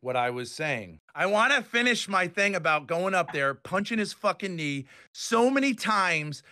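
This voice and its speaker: A man's voice: high voice, sing-song, moderate pace, sharp tone. A man in his fifties from Rhode Island, ranting angrily and profanely on a voice call. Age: 50s. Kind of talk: heated online group chat.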